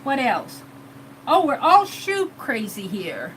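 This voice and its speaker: A woman with a high, bright voice hosts a live art stream, chatting and giggling as she reads viewer comments. She talks slowly and playfully, with a faint hum of room ambience behind her. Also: wildly swooping pitch, rough recording. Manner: giggly and playful, laughs often.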